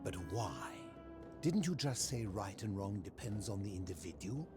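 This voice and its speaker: A man voicing a lonely, aging philosopher hermit in a video game, speaking in a formal, measured and questioning way over game music. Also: lowish voice, very animated. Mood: probing. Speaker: game character. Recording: game audio with soundtrack music.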